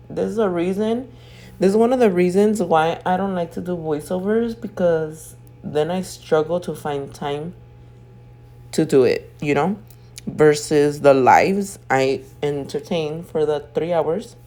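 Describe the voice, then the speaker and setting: A woman nail artist recording a casual voiceover at home while doing her makeup. She sounds sleepy because she just woke up, clears her throat now and then, and tells her stories in chatty, profane slang. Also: deep voice, measured pace, warm tone. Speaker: nail artist and video host.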